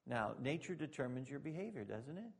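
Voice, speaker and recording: A male pastor preaching a sermon, moving between loud emphatic preaching and quiet, joking asides to the congregation. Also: mid-range voice, sing-song, brisk, gravelly, husky.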